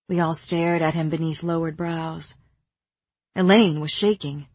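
A woman narrating an audiobook in a measured, even storytelling manner. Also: low voice, breathy edge, dry recording.

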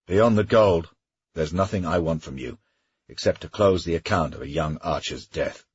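A man's voice: low-pitched, normal speed, husky, no room sound, lo-fi sound. A man voicing a grim, terse knight. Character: stern, vengeful knight, grown man. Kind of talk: audiobook character reading.

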